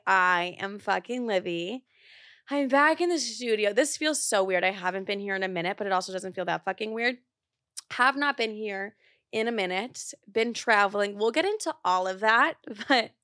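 A woman's voice: medium pitch, a bit bright, dry recording. A woman in her twenties hosting a podcast from a studio, chatting candidly and swearing casually. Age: 20s. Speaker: podcast host. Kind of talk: casual chat.

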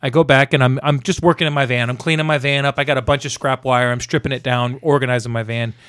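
A man telling a story about his workday in casual chat, animated and acting out the people he met. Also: mid-range voice, fast, smooth, dry recording. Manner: animated, acts out angry shouting in quotes.

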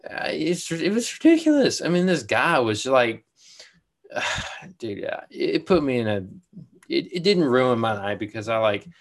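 A man's voice: mid-range voice, sing-song, measured pace. A young man co-hosting a podcast in casual chat, laid-back, saying "dude" and "like" a lot. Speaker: podcast co-host.

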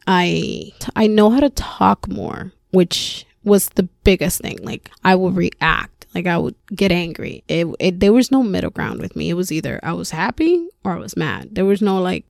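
Young female podcast host, frank and profane, gravelly tone, dry recording. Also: mid-range voice, animated, moderate pace, few pauses, a little mellow, no echo. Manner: candid, swearing, laughs often. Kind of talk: candid personal storytelling.

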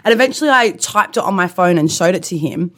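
A woman's voice: fairly low pitch, lively intonation, fast, fairly bright tone. A woman, telling a long story in casual chat as a podcast co-host and laughing through it.

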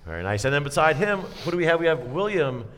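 A man hosts a live show and introduces his guests with an easy, jokey manner and frequent laughs. His voice sits at a middle pitch and rings in an echoey room. Faint background noise hums under it. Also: sing-song, quick pace, a bit bright. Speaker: host. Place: paintball venue, indoors.

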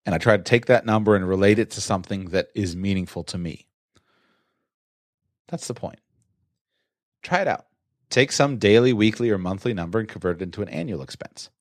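A man's voice: brisk, long pauses, no room sound, clean studio sound. A man giving a conversational talk on personal finance, sometimes acting out his own surprised inner voice. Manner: conversational, acts out mock-shocked self-talk with rising pitch. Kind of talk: explanatory solo talk.

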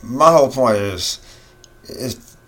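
A man's voice: mid-range voice, animated, takes it slowly, fairly bright tone. A middle-aged man giving an impassioned, repetitive opinion monologue as a political commentator. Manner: impassioned, ranting, repeats himself.

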